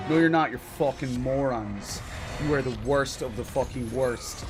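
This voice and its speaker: A man's voice: medium pitch, fairly even intonation, moderate pace. A man streaming a game live, ranting in exasperation and swearing at his chat. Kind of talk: live let's play commentary. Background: game music.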